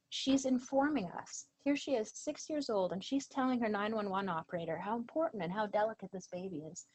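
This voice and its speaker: A woman presenter giving an earnest lecture to a professional training audience, animated when she quotes others. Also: on the high side, brisk, slight background noise, rough recording.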